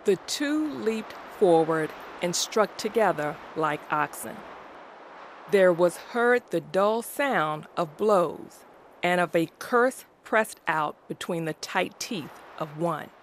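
A woman narrates a classic story very slowly and deliberately, her voice sitting a little low. A faint hiss lies under the recording. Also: animated. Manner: slow and deliberate. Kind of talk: audiobook reading of a classic story.

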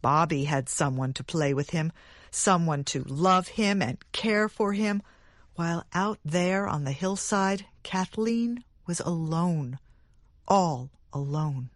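A woman reading a story aloud in a measured, even narration. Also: fairly low pitch, no echo, studio quality. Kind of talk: audiobook narration.

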